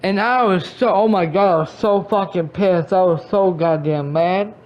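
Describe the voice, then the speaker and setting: A riled-up man with a drawl and a voice that sits high for a man, scolding a friend in a long rant. His sentences keep stopping and starting over as he repeats himself. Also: normal speed, lo-fi sound. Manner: angry, repetitive, stumbling restarts. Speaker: gaming channel host.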